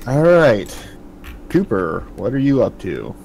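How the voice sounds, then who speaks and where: A man running an online tabletop game as game master, narrating scenes in a calm, matter-of-fact way. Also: mid-range voice, takes it slowly, creaky, slight background noise.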